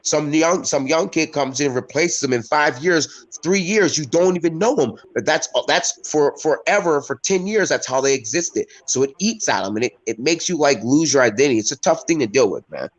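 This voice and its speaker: A man's voice: on the high side, animated, moderate pace, few pauses, rough recording. A man who fights professionally, chatting on a podcast over a video call, rambling and swearing with lots of fillers. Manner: rambling and profane, heavy fillers. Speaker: professional MMA fighter guest. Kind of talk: casual podcast chat.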